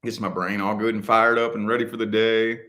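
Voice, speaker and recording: A man in relaxed, rambling casual chat with viewers, full of "you know" fillers and the odd curse word. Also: on the low side, brisk. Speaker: host answering viewer comments.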